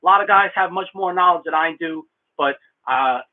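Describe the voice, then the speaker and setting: A man's voice: sits high, normal speed, narrow, tinny audio. A middle-aged man chatting casually on a live stream from a small room, talkative and rambling, laughing often as he thanks viewers. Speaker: blacksmith streamer answering viewer questions.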